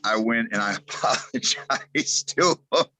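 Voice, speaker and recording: Man telling an animated backstage story. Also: mid-range voice, a little slow. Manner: animated, laughs as he tells stories. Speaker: guest, former wrestler. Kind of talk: casual podcast storytelling.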